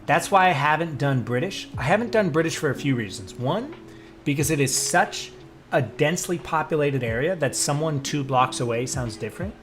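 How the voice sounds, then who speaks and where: American guy streaming, fairly high voice, swears a lot, rants loud over faint music. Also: lively intonation. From United States. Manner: profane, ranting, gets loud and drawn-out when worked up. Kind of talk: casual live-stream chat.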